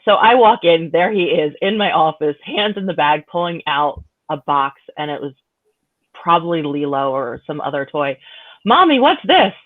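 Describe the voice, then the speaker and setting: A woman's voice: sits low, moderate pace. A woman on a panel chat telling a story about her son. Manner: storytelling, acting out both sides of a dialogue. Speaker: panel guest. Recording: tinny phone-like call audio.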